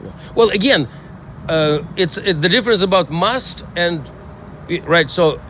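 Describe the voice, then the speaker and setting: A middle-aged male rabbi delivers a funeral eulogy outdoors. His storytelling is measured and full of small hesitations, and his voice sits fairly high. Faint traffic hums in the background. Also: animated, sharp tone.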